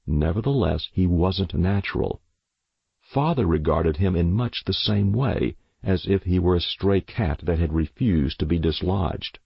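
Male narrator for a storybook: very deep, gravelly and husky, slow delivery, lively pitch. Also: dry recording, muffled recording. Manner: slow, measured, expressive reading.

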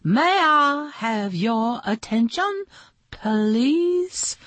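A woman's voice: a little high, lively intonation, very slow, fairly bright tone, dry recording, voice pushed up, full character voice. A woman doing a glamorous movie-star lady dog. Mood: grand, gracious. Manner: grand, theatrical and reassuring.

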